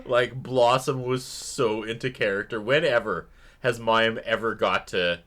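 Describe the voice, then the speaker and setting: A man co-hosting a podcast, chatting casually about a sitcom episode, animated and quick to laugh. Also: fairly low pitch. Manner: animated, laughs often, jumps into exaggerated voices when quoting. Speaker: podcast co-host.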